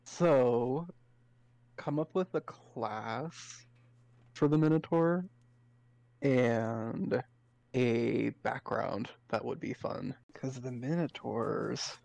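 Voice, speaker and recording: A man's voice: medium pitch, very slow, gravelly, a little mellow, no room sound. Easygoing male player, chuckling, mid-range voice. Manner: easygoing, laughs often. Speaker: player inventing a character. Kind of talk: casual tabletop chat.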